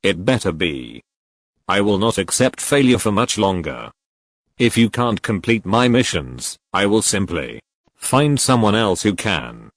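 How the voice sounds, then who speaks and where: A furious, threatening crime boss with a low voice, as a man reads him aloud. The delivery swings widely in pitch and sounds dry and close to the mic. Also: big pitch swings, a little slow, no room sound, heavily acted. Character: menacing crime boss, adult man, short-tempered.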